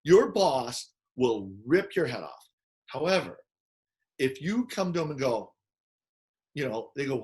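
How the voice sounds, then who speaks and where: A man giving an animated teaching talk, acting out quoted people in loud, excited bursts. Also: medium pitch, a little slow, long pauses. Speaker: personality model speaker.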